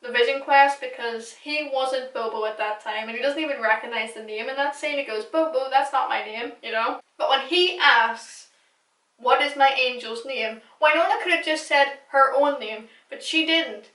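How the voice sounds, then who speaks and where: A woman's voice: sits high, moderate pace, bright, forceful tone. Chatty young woman in an echoey room. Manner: gushing, chatty, swears casually. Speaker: recap vlogger. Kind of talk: casual fan recap monologue. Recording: echoey room, distant mic.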